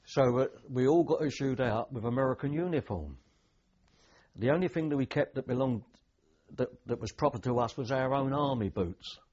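A man's voice: medium pitch, moderate pace, a little mellow, breathy edge, muffled recording. An older man, a veteran telling rambling anecdotes with dry humour in an oral history interview.

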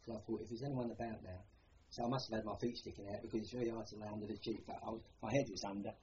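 A man's voice: on the low side, fairly even intonation, very fast, muffled recording, noisy background. An older man with a Cockney accent, recalling his war service in a rambling, plain-spoken way, often adding "you know". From London. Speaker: war veteran interviewee. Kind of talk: oral history recollection.

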